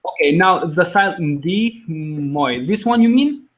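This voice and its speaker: A man's voice: a little high, animated, a little slow, highs cut off. A man teaching a language over a video call, patient and encouraging, explaining step by step. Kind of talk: online class teaching.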